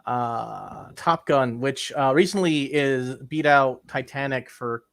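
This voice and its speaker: A young man co-hosts a podcast, chatting casually and rambling with crude jokes and lots of repeated words. His medium-pitched voice has vocal fry and is a bit bright, and he takes it slowly.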